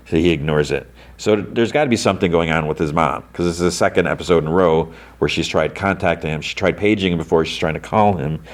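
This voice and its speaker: A man with a very deep, low voice talks through an episode recap in a loose, casual way. He rambles and leans on "like" and "um" as he goes, like a podcast host chatting. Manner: rambling, heavy on "like" and "um" fillers.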